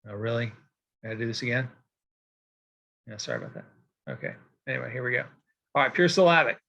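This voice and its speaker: A man teaching a recorded poetry lesson in a casual, rambling way, checking in with "okay?" and filling pauses with "um" and "uh". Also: medium pitch, expressive, creaky, bright, forceful tone. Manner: casual and digressive, with many fillers and "okay?" check-ins. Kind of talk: recorded lecture with slides.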